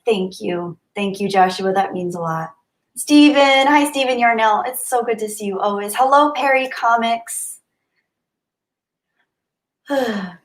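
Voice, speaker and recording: A woman's voice: on the high side, unhurried, long pauses, echoey room. A young woman live-streaming, reading viewer comments aloud and thanking them, sometimes getting emotional. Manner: warm, grateful, softly emotional.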